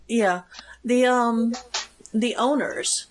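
A woman's voice: on the high side, drawn-out words, rough recording. A woman interviewing a guest, asking short questions and giving brief, attentive replies. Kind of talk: casual interview.

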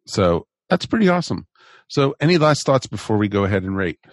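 A man's voice: fairly low pitch, very animated, a little fast, no room sound, clean studio sound. A man hosting a casual podcast chat, joking around as he leads the group. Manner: jokey, leads the rating round. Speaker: podcast host.

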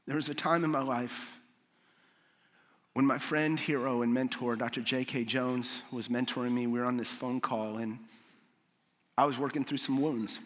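A man preaching a sermon as a pastor, storytelling with animated swings and soft, low moments for emphasis. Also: moderate pace. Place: large hall with audience. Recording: long reverb of a large hall.

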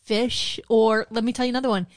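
A woman's voice: fairly high pitch, level tone, a little fast, no echo, studio quality. A woman in her thirties co-hosting a podcast, blunt and ranting, swearing freely. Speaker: podcast co-host. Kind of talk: casual chat.

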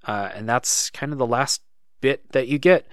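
Man, smooth resonant voice, dry close sound, casual rambling game chat. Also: mid-range voice, moderate pace, no room sound. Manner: relaxed, thinks aloud with many fillers. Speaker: podcast co-host.

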